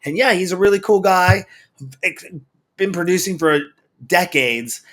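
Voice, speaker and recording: A man's voice: high voice, unhurried, a bit bright. A man hosting a casual interview, rambling and restarting with friendly asides. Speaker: show host. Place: remote video call studio.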